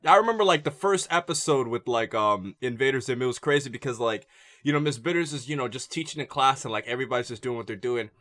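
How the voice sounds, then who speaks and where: A man's voice: medium pitch, fast, bright, forceful tone. A young man co-hosting a podcast, laid-back and rambling with many fillers. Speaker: podcast co-host. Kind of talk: casual podcast chat.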